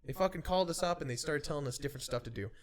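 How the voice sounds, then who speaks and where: A man in his twenties co-hosting a casual podcast chat, telling profane stories, laughing often and acting out shouting voices. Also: fairly high pitch, rapid-fire. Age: 20s. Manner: animated storytelling, acts out loud shouting voices. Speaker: podcast co-host.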